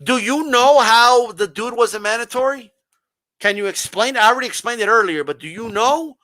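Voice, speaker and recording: An extremely high-pitched man speaks at normal speed with no echo while hosting a boxing livestream. He handles the live chat confrontationally, firing off pointed rhetorical questions and mocking a flat monotone voice.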